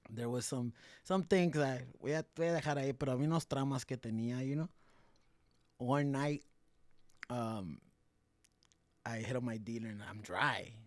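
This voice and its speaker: A man's voice: mid-range voice, normal speed, pauses often, dry recording. Candid man, dry close mic. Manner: mixes English and Spanish, swears freely, animated. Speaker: podcast guest. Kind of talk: casual candid storytelling.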